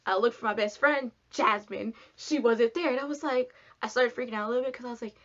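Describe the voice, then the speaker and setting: A young woman from Texas, telling a casual storytime to camera in a chatty, animated way, acting out what people said. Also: on the high side, fast talker. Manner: chatty, animated, lots of "like", acts out quotes. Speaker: vlogger. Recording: dull lo-fi sound.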